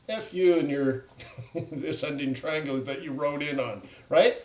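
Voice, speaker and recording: A man hosting a live trading stream, talking bluntly and animatedly and mocking traders in loud put-on voices. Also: a little high, unhurried, echoey room, rough recording. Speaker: forex trading host. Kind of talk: live-stream market commentary.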